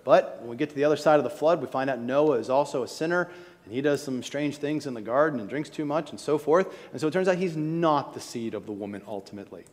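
A man delivering a sermon, building to emphatic high points and then dropping quiet and low. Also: fast talker. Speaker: preacher. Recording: long reverb of a large hall.

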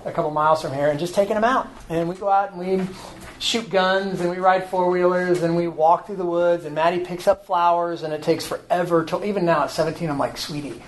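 A man's voice: sits high, steady tone, fairly quick. A man in his forties leading an informal church talk on raising daughters, earnest and self-deprecating. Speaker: church teacher leading a parenting discussion. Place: church meeting room. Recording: echoey room, faint background noise.

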